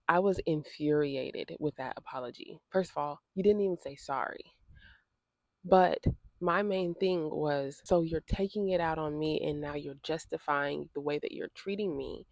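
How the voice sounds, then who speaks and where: A woman's voice: deep voice, unhurried, a little mellow, no room sound. A woman vlogger telling a personal story in a direct, indignant and emotional way, often repeating her phrases for emphasis. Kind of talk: storytime vlog.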